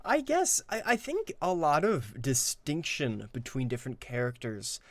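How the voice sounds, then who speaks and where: A man's voice: fairly high pitch, wildly swooping pitch, unhurried. A man chatting casually as a guest game master, rambling and self-deprecating with lots of fillers and restarts. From Ireland. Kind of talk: casual interview chat.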